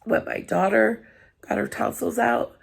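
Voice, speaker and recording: A woman's voice: fairly high pitch, unhurried, creaky, husky. A woman vlogger, tearful after crying, talking earnestly and apologetically to her viewers, encouraging them. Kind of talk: heartfelt personal vlog talk.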